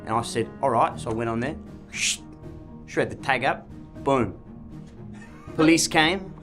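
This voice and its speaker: A man's voice: mid-range voice, slow pace, a bit bright, faint music behind. A man playing a crude, swaggering fake child therapist on trial, in improv comedy role-play. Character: brash Australian-ish bloke, fake child therapist defendant. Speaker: improv performer playing a defendant.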